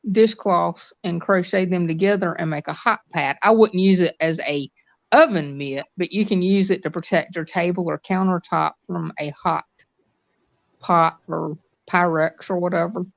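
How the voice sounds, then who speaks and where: Low-voiced older woman on dull stream audio. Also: normal speed, gravelly, dry recording. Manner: chatty, explains crafts in rambling detail. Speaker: guest on a live stream panel. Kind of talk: casual chat.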